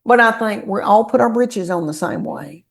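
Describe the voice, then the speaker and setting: A woman's voice: medium pitch, moderate pace. A woman with a Southern American accent, a comedian telling folksy stories in a casual podcast chat. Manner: folksy, animated storyteller. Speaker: guest comedian.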